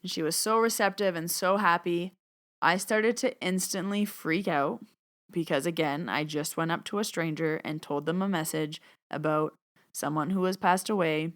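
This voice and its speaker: A woman hosting her own podcast, telling a personal story in a chatty, animated way and acting out what people said. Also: lowish voice, moderate pace. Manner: chatty, animated, acts out quoted dialogue. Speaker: podcast host and medium. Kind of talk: casual storytelling monologue.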